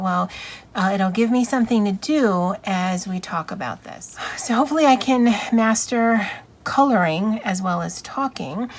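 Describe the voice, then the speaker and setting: A YouTuber with a Hawaiian accent chats casually in a vlog while working on a picture, soft and halting as she stumbles over her words. Her voice is on the low side with vocal fry, and there's a little hiss or hum.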